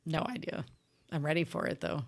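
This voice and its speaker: A woman hosting an interview, engaged and asking quick follow-up questions. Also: low-pitched, lively intonation. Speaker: host. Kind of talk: casual interview.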